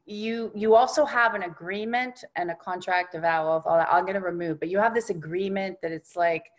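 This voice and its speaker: A woman guiding an energy-healing session, speaking softly and reassuringly, often dropping to a hushed tone. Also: fairly low pitch. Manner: unhurried, reassuring coaching. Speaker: energy healer.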